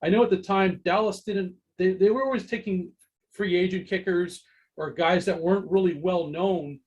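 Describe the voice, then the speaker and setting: A man's voice: high-pitched, steady tone, moderate pace, a little mellow, highs cut off. A male host asking a guest long, rambling questions. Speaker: podcast host. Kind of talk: interview questions.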